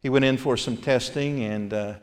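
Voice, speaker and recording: A man's voice: medium pitch, moderate pace. Pastor guy preaching earnestly in a church, long echo hanging off every word. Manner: earnest preaching, reads scripture aloud. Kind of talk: sermon. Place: church sanctuary.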